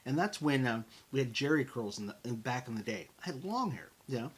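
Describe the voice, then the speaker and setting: Brief: middle-aged American man, podcast host, husky and breathy tone, lively motivational talk aimed straight at the listener. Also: mid-range voice, a little fast. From United States. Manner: animated and conversational, addresses listeners as folks.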